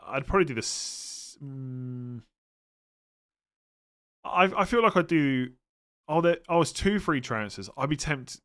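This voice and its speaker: Guy on a live stream, chatty, lots of ums, quick calls on each question. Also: medium pitch, clean tone. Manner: relaxed, thinks aloud with fillers and quick verdicts. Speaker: livestream host answering fantasy football questions. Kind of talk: casual live-stream chat.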